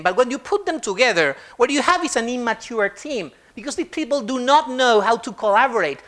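A man giving a humorous conference talk on stage, animated and fond of acting out quotes. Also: very high voice. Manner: animated, acts out quotes in funny voices. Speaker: conference speaker.

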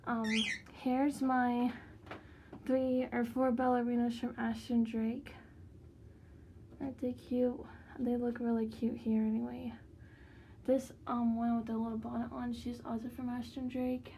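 A woman's voice: a little high, flat delivery, a little slow, warm tone, slight background noise. A woman casually showing her doll collection in her bedroom, chatty and rambling with frequent fillers. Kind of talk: casual room tour vlog.

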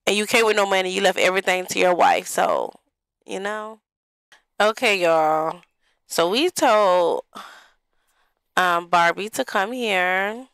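A chatty young woman narrates her life-sim game to her viewers in an easy, drawn-out way. Her voice sits in the middle of her range, and the sound is close and dry, with no room around it. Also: medium pitch, animated, a bit bright, clean tone, no room sound, rough recording. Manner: chatty, talks straight to viewers as "y'all". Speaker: gaming vlogger. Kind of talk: casual gameplay commentary.

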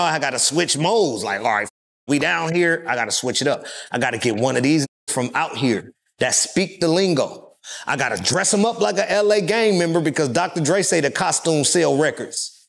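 A man's voice: a little high, creaky, a bit bright. A middle-aged man from California, a rapper telling stories in a casual interview with loose, profane street talk and frequent fillers.

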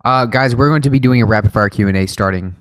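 In a quick-paced, studio-quality recording with no room sound, a man with a mid-range voice runs a casual, rapid-fire Q&A livestream. He jokes around answering viewers, swearing a lot and rambling off on tangents.

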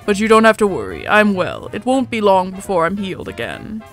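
A woman voicing a reserved, polite male minotaur hotel keeper who speaks formally and measured. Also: medium pitch, wildly swooping pitch, soft background music, pitched below the performer's own voice.

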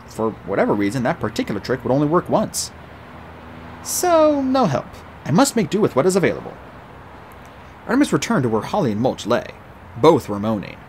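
A man narrates a novel as an audiobook, his delivery animated and expressive. His voice is mid-range, and there's slight background noise.

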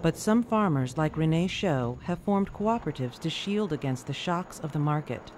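A narrator reading a scripted documentary in an even, measured way. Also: mid-range voice, slight background noise. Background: music.

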